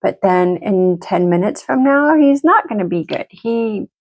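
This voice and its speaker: A woman's voice: mid-range voice, animated, unhurried. A middle-aged woman venting frankly and emotionally to camera as she gets ready, swearing freely. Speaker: vlogger. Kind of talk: candid talk to camera while getting ready.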